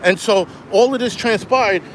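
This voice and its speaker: Guy ranting on a city walk, swears a lot, kinda high voice, faint street noise. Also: normal speed. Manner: blunt, swearing, heated. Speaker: firefighter vlogger. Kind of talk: profane walk-and-talk rant to live chat. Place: outdoors on city streets, walking.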